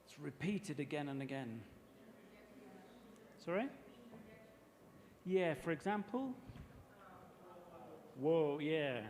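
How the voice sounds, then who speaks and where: Male teacher trainer with a high voice, explaining in a relaxed, chatty way from a reverberant lecture hall. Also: slow pace, long pauses. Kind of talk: workshop presentation.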